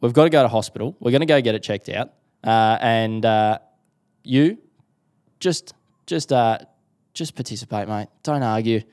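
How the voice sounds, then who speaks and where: A man's voice: mid-range voice, moderate pace, long pauses. A young Australian man telling a personal story in a casual interview, acting out what people said. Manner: animated storyteller acting out quotes. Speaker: guest.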